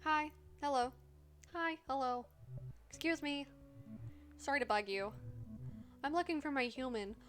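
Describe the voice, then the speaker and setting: A woman's voice: high-pitched, a little slow, long pauses, a bit bright. A woman voicing an earnest, friendly ghost puppy from a game, in a chirpy, slightly clumsy way. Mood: eager. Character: friendly, eager ghost puppy named Dave. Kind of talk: reading a game's dialogue aloud.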